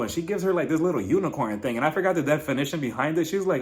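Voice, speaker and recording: Animated sassy man recapping reality TV. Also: a little high, very fast, hardly any pauses. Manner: sassy, gossipy, laughs often. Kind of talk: casual episode recap commentary.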